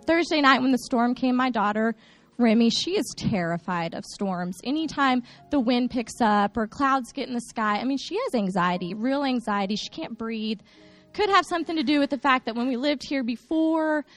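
A woman in her thirties speaking to a church congregation from the stage, joking through funny stories before turning earnest. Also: sits high. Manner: lively joking storyteller, turns earnest. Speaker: church children's ministry speaker. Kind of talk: humorous recap talk to a congregation.

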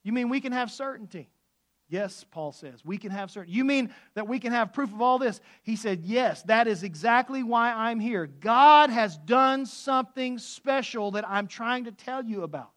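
A man preaching a sermon, swinging between loud outbursts and hushed asides. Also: extremely high pitch, animated, moderate pace. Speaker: pastor.

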